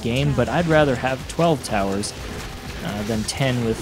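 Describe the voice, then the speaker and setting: A young man provides casual gameplay commentary that is rambling, blunt and mocking, punctuated by frequent laughter. His voice is medium-pitched and a little slow, with music playing behind it.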